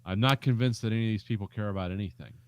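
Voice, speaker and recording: A man's voice: fairly low pitch, racing, smooth. A man co-hosting a movie podcast, chatting casually and throwing in dry, sarcastic asides. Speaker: podcast co-host.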